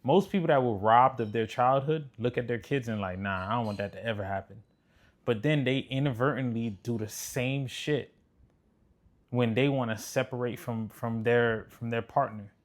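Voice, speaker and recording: A man's voice: mid-range voice, moderate pace. A man giving blunt, preachy commentary on relationships, swearing freely as he reacts to clips. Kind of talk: casual commentary.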